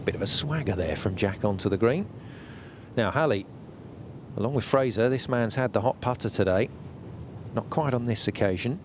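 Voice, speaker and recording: A man doing measured, conversational play-by-play as a golf commentator on a broadcast. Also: on the low side, slight background noise. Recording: music bed under the commentary.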